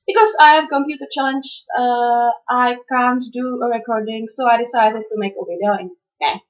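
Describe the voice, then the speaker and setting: A woman's voice: on the high side, steady tone, moderate pace. A young woman from the Czech Republic with a Czech accent, speaking English as a non-native and reading out a word list in a casual home video, hesitating with many fillers. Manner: hesitant, many "uh" fillers, careful spelling-style pronunciation. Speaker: vlogger. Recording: dull lo-fi home video audio.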